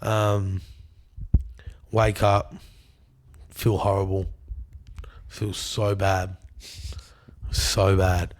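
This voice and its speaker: A man's voice: low voice, level tone, extremely slow, pauses often. A young Australian man on a podcast, telling a rowdy tour story in casual chat, swearing freely and acting out what people said. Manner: swears a lot, acts out quotes. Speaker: guest.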